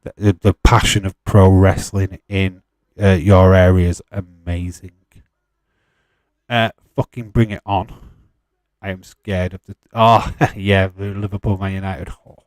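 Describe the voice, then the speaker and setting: A fairly low-pitched man talks casually on a live stream, joking and laughing as he reads out viewer comments. His voice is recorded very dry and close, with no room sound around it. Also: flat delivery, measured pace, a little mellow, no room sound. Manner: chatty and jokey, laughs often, swears casually. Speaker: streamer hosting a wrestling watch-along.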